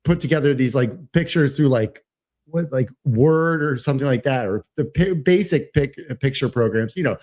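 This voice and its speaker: A man's voice: medium pitch, expressive, moderate pace, darkish tone. A man co-hosting a podcast in casual chat, telling stories in a rambling way with lots of fillers and frequent laughter. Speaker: podcast co-host.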